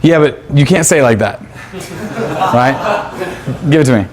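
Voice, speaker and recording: A man's voice: mid-range voice, animated, unhurried, a crowd in the background. Profane man teaching a seminar class. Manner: profane, quizzes students, acts out pickup lines. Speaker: seminar instructor. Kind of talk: crude live teaching.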